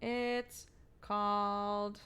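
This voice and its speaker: A woman's voice: mid-range voice, level tone, extremely slow, fairly bright tone, clear, resonant tone. A young adult woman streamer chatting casually, rambling, swearing and laughing often. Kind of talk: casual chat.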